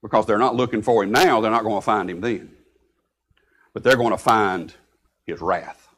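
A man preaching a sermon, breaking into sudden loud outbursts when he quotes scripture. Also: on the low side, moderate pace, husky. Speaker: pastor.

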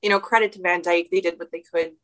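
Bright-voiced, chatty woman. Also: lowish voice, steady tone, fast. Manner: chatty, rambling, laughs often. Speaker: podcast guest. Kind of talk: casual conversation.

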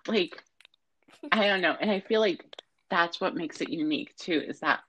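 A woman's voice: on the low side, normal speed, fairly bright tone, a little hiss or hum, rough recording. A teenage girl co-hosting a casual podcast, rambling and hesitating with many fillers. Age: late teens. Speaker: podcast co-host. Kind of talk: casual chat.

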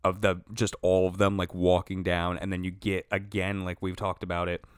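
A man's voice: low voice, flat delivery, moderate pace, clean tone, no room sound, clean studio sound. A man co-hosting a podcast, talking about favorite films in a laid-back, candid way with some swearing. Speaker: podcast co-host. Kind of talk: casual movie chat.

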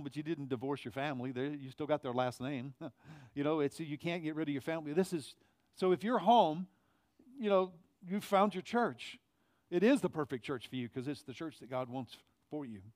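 A middle-aged male pastor preaching a conversational sermon in church, growing loud on key phrases. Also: fairly high pitch, dry recording. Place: church sanctuary.

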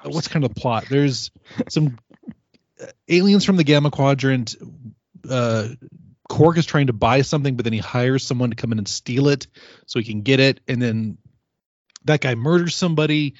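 A man's voice: medium pitch, normal speed, pauses often, no echo. A man hosting a casual podcast chat, swearing freely and joking as he recaps an episode. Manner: profane, animated, jokey. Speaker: podcast host. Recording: dull lo-fi podcast audio.

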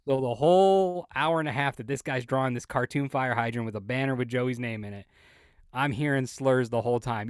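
A man's voice: mid-range voice, fairly quick, clean tone, dry recording. A man on a podcast telling a long personal story, swearing freely and acting out everyone's lines. His voice sits in an ordinary middle register. The sound is close and dry, with no room around it. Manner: profane, animated storyteller who acts out the other people's lines. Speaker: podcast co-host. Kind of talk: casual storytelling.

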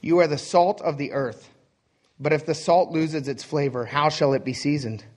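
A man's voice: on the high side, steady tone, normal speed, a little mellow. Man preaching, loose and conversational. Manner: conversational preaching with frequent "right?" asides and chuckles. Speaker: pastor. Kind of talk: sermon.

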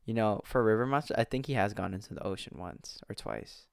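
A young man chatting casually into a close mic, rambling, swearing freely and bursting out in excitement. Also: lowish voice, brisk, gravelly, few pauses, smooth, no room sound. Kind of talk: casual chat. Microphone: close desk mic.

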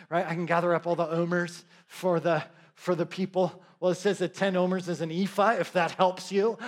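A middle-aged male preacher giving a conversational sermon, with joking asides and frequent check-ins with his listeners. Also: high voice.

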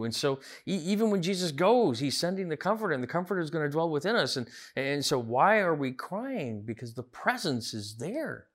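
A man's voice: fairly high pitch, big pitch swings, normal speed. A man as pastor preaching a sermon, earnest, building to emphatic repeated phrases. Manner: earnest, rising emphatic repetitions.

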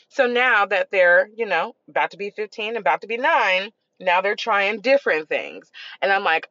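A middle-aged woman hosting a parenting podcast, telling stories in a casual, animated way with frequent laughter. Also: medium pitch, normal speed, no room sound, dull audio. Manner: animated, expressive, laughs often. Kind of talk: casual storytelling.

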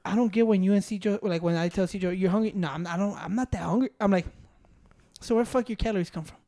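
A man's voice: high voice, quick pace, mellow. A young man in casual chat, blunt and swearing, mixing into English.

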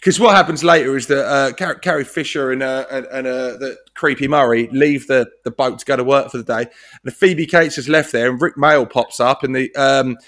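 A man's voice: mid-range voice, steady tone, moderate pace, a bit bright. A man co-hosting a casual film chat, swearing often, laughing, and acting out lines from the film. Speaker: podcast co-host.

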